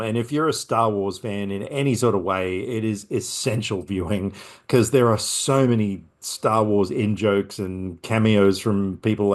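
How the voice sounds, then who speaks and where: A man hosting a film podcast, chatting casually and rambling with lots of asides. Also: lowish voice. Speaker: podcast host.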